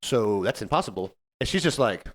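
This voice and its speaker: A man co-hosting a podcast, telling a story about a difficult customer in a casual, animated way and acting out what people said. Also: fairly low pitch, a little fast. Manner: animated, acts out customer quotes. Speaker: podcast co-host, server.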